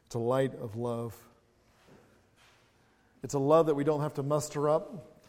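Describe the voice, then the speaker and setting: A man's voice: mid-range voice, measured pace, a little mellow. A man preaching a sermon as pastor, reading scripture aloud with rising emphasis and breaking into chatty, humorous asides. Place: church sanctuary. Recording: reverberant church hall.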